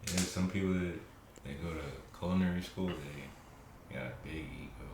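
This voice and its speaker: A man's voice: low-pitched, moderate pace. A man guest on a casual podcast, talking in an easygoing, plainspoken way. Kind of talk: casual chat. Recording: roomy sound with faint background noise.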